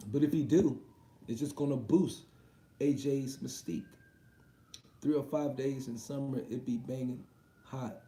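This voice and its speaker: A man's voice: mid-range voice, a little slow, pauses often, mellow, echoey room. A man hosting a boxing livestream, reading viewer comments aloud and reacting in loose, slangy, profane casual chat.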